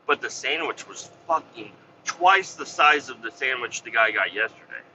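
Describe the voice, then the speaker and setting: A man's voice: medium pitch, expressive, moderate pace, noisy background. A man casually telling a heated story, swearing a lot and getting worked up as he goes. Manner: heated, swears a lot, re-enacts his own yelling. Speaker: podcast host and business owner.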